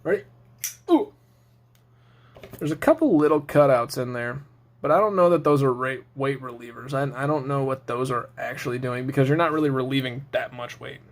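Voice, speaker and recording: A man's voice: medium pitch, brisk. A young man hosting a knife review show, talking casually with sarcastic jokes and rambling asides.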